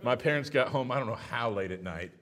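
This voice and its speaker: A middle-aged man preaching a sermon as pastor, telling stories with animated swings between hushed and loud delivery. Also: medium pitch, fairly quick.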